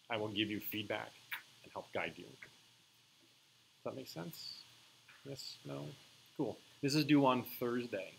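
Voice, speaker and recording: A man teaching a coding class in a relaxed lecture, often checking with his students that they follow. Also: on the low side, vocal fry, a little hiss or hum, poor audio. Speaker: coding instructor.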